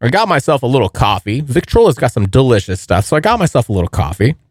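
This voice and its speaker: A man's voice: medium pitch, sing-song, fast, slightly rough, dry recording, clean studio sound. A young man hosting a podcast from a basement, telling a rambling story full of swearing, talking to his listeners as bros. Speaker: podcast host. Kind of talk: casual storytelling monologue. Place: basement near a furnace.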